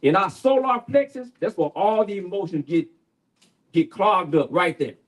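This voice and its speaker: A man's voice: high voice, expressive, normal speed, rough recording. An older man on a community panel, talking in a folksy, preacher-like way and often checking in with "right?". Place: bookshop event room.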